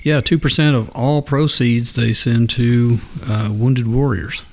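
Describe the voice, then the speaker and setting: A man's voice: mid-range voice, fairly even intonation, a little slow, gravelly. A man co-hosting a casual podcast, talking in an easygoing, rambling way. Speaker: podcast co-host. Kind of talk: casual chat.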